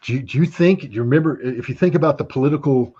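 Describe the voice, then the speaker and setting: A man's voice: mid-range voice, quick pace, dark tone, breathy edge, highs cut off. A man speaking as an interview guest, blunt and sardonic in casual talk. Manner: blunt, sardonic, with short laughs.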